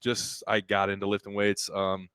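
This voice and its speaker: Young man, from South Dakota, easygoing guest, low smooth voice, dry close sound. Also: completely flat delivery, moderate pace, a bit bright, no room sound. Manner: easygoing, laughs along, plays along with jokes. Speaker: guest, weightlifter. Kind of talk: casual interview chat.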